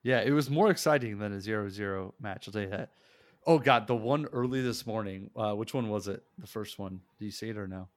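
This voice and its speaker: A man's voice: lowish voice, brisk, no room sound. A man chatting casually on a podcast, rambling and laughing often, swearing freely. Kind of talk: casual chat.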